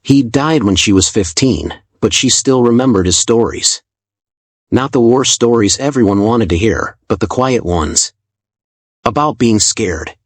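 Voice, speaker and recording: A man narrating a dramatic story in a calm, measured, scripted way. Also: mid-range voice, dry recording.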